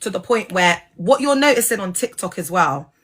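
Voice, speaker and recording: A woman's voice: medium pitch, animated, normal speed, fairly bright tone. A woman talking in a casual, rambling monologue. She is frank and sarcastic and keeps asking the listener if they follow. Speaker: vlogger and former church member.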